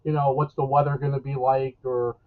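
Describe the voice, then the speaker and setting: A man's voice: medium pitch, flat delivery, brisk. A man, a local weather forecaster talking casually in a live interview, rambling and folksy with lots of fillers and restarts. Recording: tinny phone-like line.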